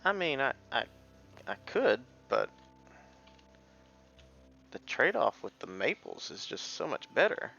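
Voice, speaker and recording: A man's voice: medium pitch, very animated, measured pace, gravelly, pauses often, bright, forceful tone, slightly rough, dull audio, faint music behind. A man giving casual gameplay commentary as a let's play streamer, thinking aloud and muttering half-finished sentences as he plays.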